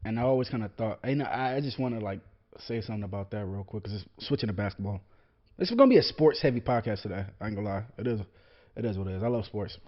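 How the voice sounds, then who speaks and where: A man's voice: lowish voice, lively intonation, quick pace. A young man hosting a podcast, ranting casually about sports with heavy swearing, rambling tangents and frequent laughter. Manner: profane, rambling, laughing often. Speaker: podcast host. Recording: lo-fi dull podcast audio.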